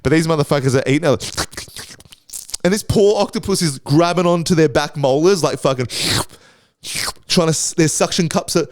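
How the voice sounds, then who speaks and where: A man's voice: on the high side, moderate pace, long pauses, no echo. An Australian man hosting a casual solo podcast, rambling and crude, swearing constantly and restarting his sentences. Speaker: podcast host.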